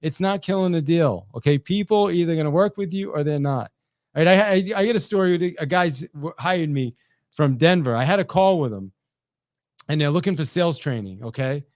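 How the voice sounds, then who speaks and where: Fast-talking, animated male sales trainer. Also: on the high side, dry recording, clean studio sound. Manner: animated, repeats words, chatty asides with "right?". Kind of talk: energetic talk to camera.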